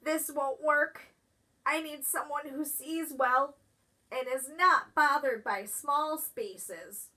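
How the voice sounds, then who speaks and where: A worried groundhog with a cold and a stuffy voice tries to keep going for his friends, as a woman puts him on. Her bright, high voice carries him slowly through each line in a storybook reading. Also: far from the mic, exaggerated voice. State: stuffy and sneezing. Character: sick, sniffly male groundhog, worried but determined.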